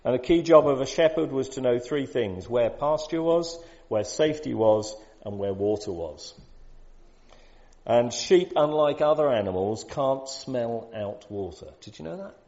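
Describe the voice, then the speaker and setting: A man preaching a sermon in a conversational way, building to loud, emphatic peaks. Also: medium pitch, expressive, unhurried. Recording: dull lo-fi sound.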